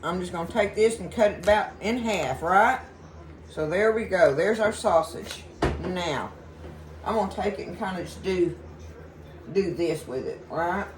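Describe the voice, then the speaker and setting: A woman's voice: fairly low pitch, a little slow, background noise. A woman with a Southern US accent hosting a home cooking demonstration, chatty and folksy, talking to viewers as y'all. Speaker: cooking show host. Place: home kitchen with food sizzling.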